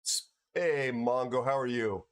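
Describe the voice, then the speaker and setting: Tired, halting man chatting. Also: mid-range voice, clear, resonant tone. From United States. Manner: halting, repeats words and restarts often. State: tired from no sleep. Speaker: livestream host. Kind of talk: casual chat with viewers.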